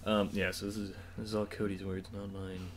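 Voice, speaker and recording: A man's voice: low voice, level tone, brisk, a little hiss or hum. A young man hosting a casual podcast chat, skeptically cutting in to question a friend's story. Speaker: podcast host.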